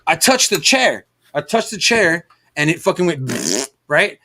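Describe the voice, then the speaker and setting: A man's voice: fairly high pitch, a little slow. Profane, rambling storyteller, middle-aged man. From Los Angeles area. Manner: rambling, profane, animated storytelling with many fillers. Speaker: stream host. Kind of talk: casual storytelling chat.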